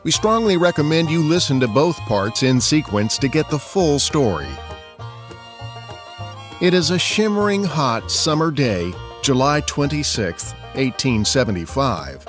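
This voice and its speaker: Expressive male true-crime narrator. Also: a little high, measured pace, soft background music. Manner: expressive storytelling.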